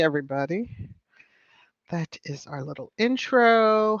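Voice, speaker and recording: A woman's voice: fairly low pitch, unhurried, dry recording. A woman hosting a casual live stream, chatting with viewers and greeting them by name in a sing-song way. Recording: slightly muffled, soft background music.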